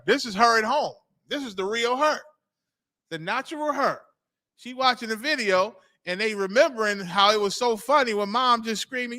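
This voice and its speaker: A man's voice: high voice, normal speed, pushed and bright. A male host giving preaching commentary, emphatic, repeating phrases and checking in with 'you understand?'.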